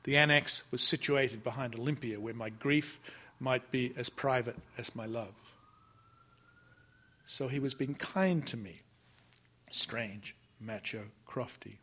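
A man narrating a literary novel in the first person, measured and often sinking to a hush. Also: mid-range voice. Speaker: audiobook narrator.

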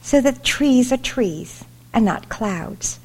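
A woman voicing a kindly resource teacher with a twang, talking gently and encouragingly to a struggling pupil. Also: a little high, lively intonation, takes it slowly, breathy edge, pitched above the performer's own voice, exaggerated voice.

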